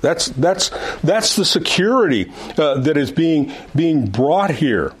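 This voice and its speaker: A man's voice: on the high side, lively intonation, takes it slowly, husky. A man teaching an adult Sunday school class, reading scripture and explaining it with emphatic repetition and frequent restarts. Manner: emphatic, repeats words and restarts often. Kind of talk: Bible teaching.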